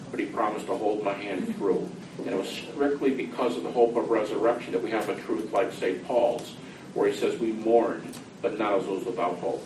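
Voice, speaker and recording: A man's voice: lowish voice, echoey room, far from the mic, background noise. A middle-aged man speaking earnestly and acting out a dialogue with God. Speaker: speaker recounting personal grief. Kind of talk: reflective talk.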